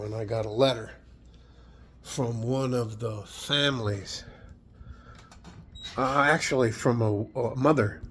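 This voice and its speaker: Middle-aged veteran, casual vlog, stop-start delivery, medicated haze, mid pitch, light room hiss. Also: male voice. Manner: rambling, halting, swears, loses his train of thought. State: foggy from allergy medication. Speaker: army veteran vlogger. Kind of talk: emotional casual talk to camera. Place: at home indoors.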